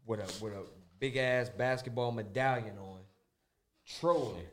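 A man with a medium-pitched voice chatting casually about a fight. He talks in loose slang and keeps slipping into the voices of the people in his stories. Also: measured pace, a little hiss or hum. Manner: slangy, storytelling with quoted voices. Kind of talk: casual chat.

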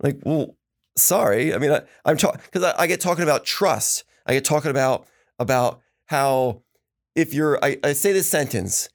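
A podcast host with a somewhat high voice and plenty of gravel in it. He talks in a casual, animated way, and his pitch rises and falls a lot as he lives out his stories. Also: normal speed. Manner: animated storytelling with acted quotes.

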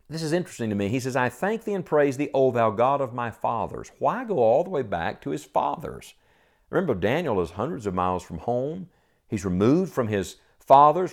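A middle-aged male preacher delivers a sermon in an earnest, pleading way, asking the listener question after question. His voice sits at a middle pitch and swings up and down with animated feeling.

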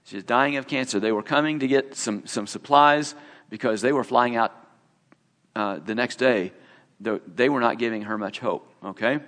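A preacher shares a testimony as sermon storytelling, speaking conversationally and acting out the people in his story. His voice is medium in pitch and a little bright, at a moderate pace. A long hall reverb surrounds the recording.

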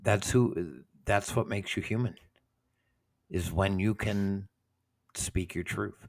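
A man's voice: low-pitched, takes it slowly, dry recording. A man in casual chat who mostly gives short agreeing replies and speaks earnestly when he makes a point.

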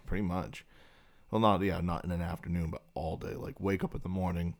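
Casting: deep-voiced man, loose rambling storyteller, swears a lot. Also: steady tone, a little fast. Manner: rambling, swears freely, laughs through stories. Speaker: podcast co-host. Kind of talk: casual late-night chat, storytelling.

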